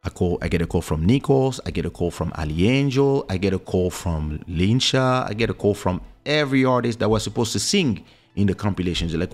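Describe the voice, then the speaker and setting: A man's voice: low voice, animated, brisk. A man hosting a podcast, telling a story casually and acting out other people's lines with big jumps in his voice, on a studio mic. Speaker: podcast host.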